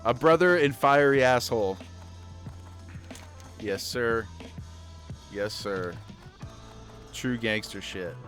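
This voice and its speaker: A man streaming casually, chatting loosely and getting excited, swearing freely and repeating himself. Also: medium pitch, slow pace, long pauses, soft background music. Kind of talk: casual livestream chat.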